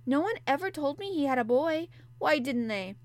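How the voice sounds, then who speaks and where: A woman's voice: high-pitched, animated, moderate pace, darkish tone, voice pushed up. A woman voicing a curious, blunt young girl who asks eager, questioning lines. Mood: startled. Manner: eager, questioning, a little breathless.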